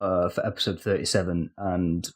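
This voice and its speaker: A man's voice: low-pitched, little pitch movement, normal speed. A man co-hosting a gaming podcast with dry, teasing humour. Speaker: podcast co-host. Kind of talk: casual podcast chat.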